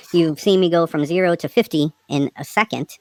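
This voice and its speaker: Angry Boston woman, low voice, ranting. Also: darkish tone, no room sound, low-quality recording. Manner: angry, profane, rapid rants. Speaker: livestream panelist. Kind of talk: heated livestream panel talk.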